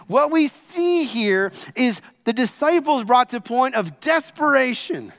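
A man preaching a sermon, impassioned, swinging between loud pleading and hushed quiet. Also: very high voice, expressive, unhurried, few pauses.

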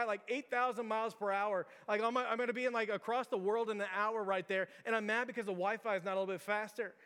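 A man preaching a sermon as pastor, casual and animated, telling stories with lots of "like" to his church. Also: high voice, quick pace, hardly any pauses, smooth. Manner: conversational, animated, storytelling with lots of "like". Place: church sanctuary. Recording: long hall reverb.

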